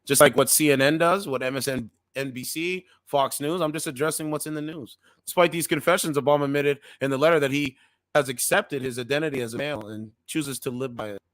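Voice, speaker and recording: A man's voice: medium pitch, brisk, dry recording. A man hosting a casual commentary channel, reading news articles aloud with slangy asides, stumbling over words and repeating defensive disclaimers.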